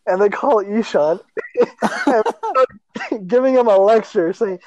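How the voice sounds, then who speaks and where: A man's voice: high-pitched, a little slow, rough recording. A young man co-hosting a podcast, telling a story in casual chat, laughing often and acting out the people in it. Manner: animated storyteller, laughs often, acts out voices. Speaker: podcast co-host.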